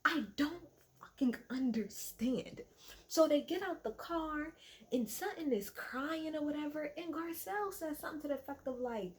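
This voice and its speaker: A woman's voice: high-pitched, moderate pace. Rambling, swearing woman recapping reality TV. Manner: rambling, swears freely, lots of "like". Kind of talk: casual recap chat. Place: at home at night.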